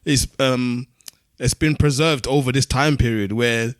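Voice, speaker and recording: A man's voice: mid-range voice, fairly even intonation, a little slow, no room sound. Thoughtful man explaining, dry sound. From Canterbury. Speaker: podcast co-host. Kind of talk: casual chat.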